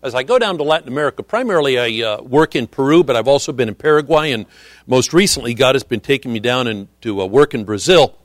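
A middle-aged man preaching a sermon as a visiting missionary, earnest and measured, often quoting scripture. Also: mid-range voice, animated, dry recording, studio quality.

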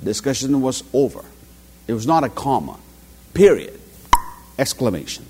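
A man's voice: medium pitch, moderate pace, a little hiss or hum. A middle-aged man preaching a sermon, telling stories and acting out quotes. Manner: animated storytelling with acted quotes.

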